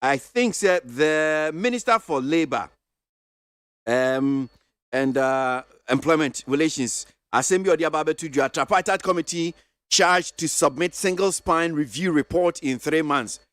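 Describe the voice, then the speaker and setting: A Ghanaian man hosts a radio talk show and puts quick questions in Twi laced with English. His voice sits fairly high. The studio sound is dry and close. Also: lively intonation, fairly bright tone, no echo. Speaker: radio host.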